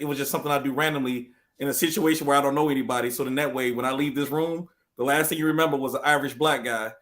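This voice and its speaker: A man's voice: medium pitch, steady tone, racing, few pauses, fairly bright tone. A man on a casual panel discussion who tells stories emphatically and keeps saying "literally". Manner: storytelling, emphatic, repeats "literally".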